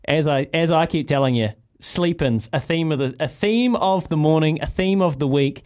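A man's voice: on the high side, a little mellow, clear, resonant tone. New Zealand man hosting breakfast radio. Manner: laughing, quick, joking. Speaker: radio breakfast show host. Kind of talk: lively sports radio banter. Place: radio studio.

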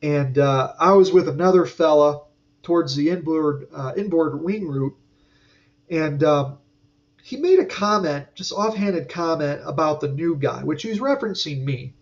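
A man's voice: on the high side, expressive, moderate pace. A man hosting a podcast about aircraft maintenance, telling a story in a rambling, profane, casual way full of asides and fillers. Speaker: aircraft mechanic podcast host. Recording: dull sound from a distant mic.

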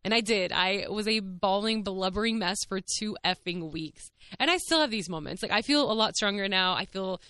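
A young woman talks openly into a close podcast mic, her voice bright and crisp. She is chatty and candid, laughing often and leaning on fillers. The sound is dry, with no room around her. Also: mid-range voice, moderate pace, dry recording. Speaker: podcast host. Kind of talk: casual personal chat.

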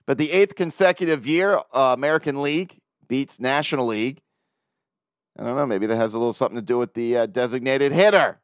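A man hosts his own sports podcast solo, chatting casually and ranting with lots of swearing and frequent laughter. His voice is medium-pitched, clear and resonant, and he talks fairly quickly. The recording is clean studio sound with no room noise.

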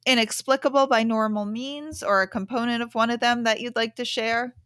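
A woman's voice: on the high side, fairly even intonation, fairly quick, a bit bright, clear, resonant tone, no echo, clean studio sound. A woman interviewing an author, asking questions and adding thoughtful comments.

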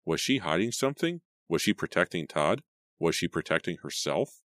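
A man reading a first-person horror novel aloud in a measured, steady way. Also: low voice, dry recording, clean studio sound. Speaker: audiobook reader.

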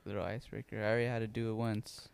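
A young man co-hosts a podcast with short, dry, laid-back remarks. His voice is low and gravelly, caught close and dry with no room around it. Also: level tone, rapid-fire, dry recording. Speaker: podcast co-host. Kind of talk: casual chat.

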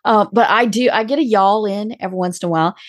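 A woman's voice: mid-range voice, quick pace, no room sound, studio quality. A woman hosting an interview, chatting casually and often giving short responses. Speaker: interview host.

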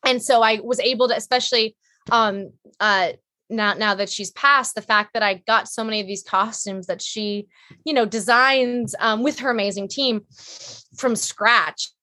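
A woman guest on a podcast, an actress chatting casually in a rambling, animated way with lots of fillers. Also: fairly high pitch, normal speed, no room sound. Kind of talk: casual chat.

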